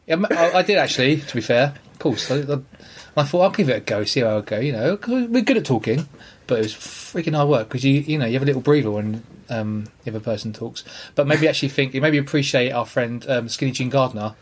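A man's voice: medium pitch, lively intonation, quick pace. A man co-hosting a podcast, chatting casually in a rambling, self-deprecating way. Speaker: podcast co-host. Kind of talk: casual chat.

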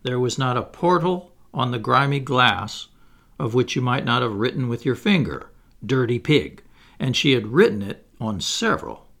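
A male narrator reading a classic storybook aloud. His voice has a gravelly texture and moves through a wide, lively range, and his delivery is measured and expressive throughout. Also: mid-range voice. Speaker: audiobook narrator.

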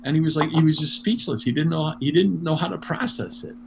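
A man telling a story in an interview, animated and full of restarts and fillers. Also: fairly high pitch, brisk, creaky. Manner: animated, many restarts, laughs while telling. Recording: noisy background hum.

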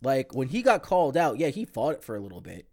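A man co-hosting a podcast, talking in a loose, profane, animated way with plenty of fillers. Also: mid-range voice, fast talker. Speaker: podcast co-host. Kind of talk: casual chat.

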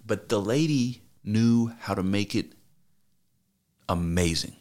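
A man with a very low voice chats casually on a podcast. He rambles through his stories, swearing and restarting his sentences as he goes. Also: takes it slowly, a little mellow. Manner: rambling, profane storytelling with many restarts. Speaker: podcast co-host. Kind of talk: casual chat.

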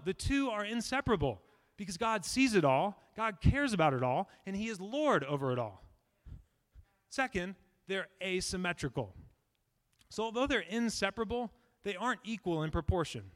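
A young man, a pastoral resident, preaching a sermon to a church, emphatic and repeating key lines slowly for weight. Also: high voice, a bit bright, long reverb tail. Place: church sanctuary.

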